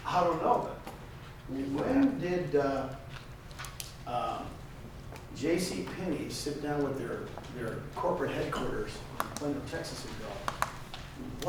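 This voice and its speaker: An older man, speaking as a conference speaker, delivers an emphatic motivational talk to a live audience and repeats phrases for effect. His high-leaning voice is sing-song and unhurried, with frequent pauses. The large conference room sounds echoey, the mic is distant, and the background is noisy.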